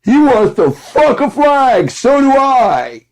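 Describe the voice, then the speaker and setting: A man putting on the voice of a gushing, simple-minded male fan who loves the flag, in a high mocking squeal. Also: sing-song, takes it slowly, a little mellow, heavily acted.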